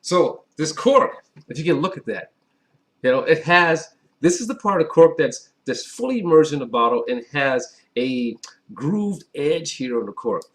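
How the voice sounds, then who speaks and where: A man's voice: on the high side, lively intonation, a little slow. A man hosting a casual on-camera wine tasting, talking to viewers directly in a chatty, upbeat way. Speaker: wine reviewer.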